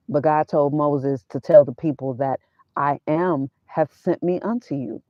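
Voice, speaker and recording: Inside her van, a woman vlogger with a low-pitched voice gives a casual spiritual talk in a preachy tone, quoting scripture alongside casual slang. The sound is dull and dry, with no room sound.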